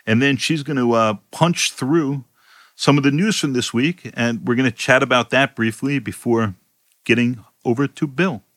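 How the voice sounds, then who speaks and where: A man's voice: medium pitch, moderate pace, fairly bright tone, dry recording. Guy hosting a politics podcast, dry close sound, blunt and wry, jumps in. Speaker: podcast host. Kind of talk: casual political chat. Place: home in a city, remote recording.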